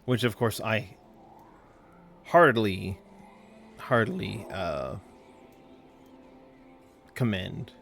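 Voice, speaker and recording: Guy streaming a game, kinda gravelly, just rambling along with chat, low voice. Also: unhurried, long pauses, soft background music. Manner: rambling, easygoing, answers chat between game callouts. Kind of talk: casual gameplay commentary, chatting with viewers.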